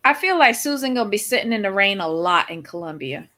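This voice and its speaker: Sassy woman with a bright, sharp voice. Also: mid-range voice, expressive, fast. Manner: dry, sassy asides and frequent "mm-hmm" agreement. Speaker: podcast co-host. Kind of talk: casual TV recap chat.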